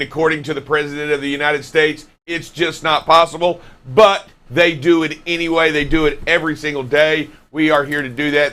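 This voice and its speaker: A man's voice: medium pitch, pushed and bright. A man hosting a live morning talk show about trucking, opening with an upbeat announcer delivery and chatting casually with his co-host.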